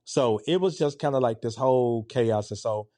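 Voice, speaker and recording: A man in his forties casually telling a story in an animated, conversational way. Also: medium pitch, normal speed, dry recording. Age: 40s. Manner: animated, conversational, with a laid-back, relaxed tone.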